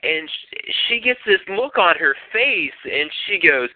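A man tells a story on a radio show in casual, profane chat, laughing as he goes. His voice sits a little high and swings widely in pitch. The sound is thin and phone-like, with no room echo. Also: very animated, moderate pace, few pauses. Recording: tinny phone-like radio audio.

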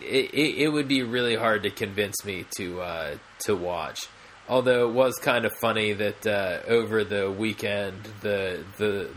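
Casual podcast man, slow and rambling, full of ums and restarts, faint noise behind. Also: fairly low pitch, fairly bright tone. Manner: rambling, many fillers and restarts. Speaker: podcast co-host. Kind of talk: casual chat.

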